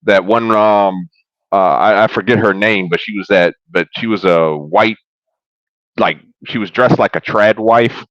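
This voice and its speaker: A man's voice: on the low side, measured pace, a bit bright, no echo, highs cut off. A man speaking as a panel guest, hesitant and full of fillers as he thinks aloud.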